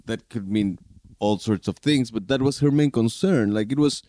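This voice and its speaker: A man talking calmly and in measured words in casual chat as a podcast co-host. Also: mid-range voice, no room sound, studio quality.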